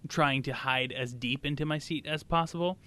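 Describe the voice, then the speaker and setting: Smooth-voiced easygoing podcast host. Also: male voice, mid-range voice, steady tone, moderate pace, sharp tone, no echo. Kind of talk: casual chat, interviewing.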